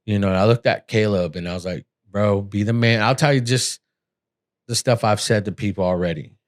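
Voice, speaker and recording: A man's voice: on the low side, fairly quick. A middle-aged man hosting a podcast, telling his own story in a candid, earnest, blunt and emotional way. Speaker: podcast host.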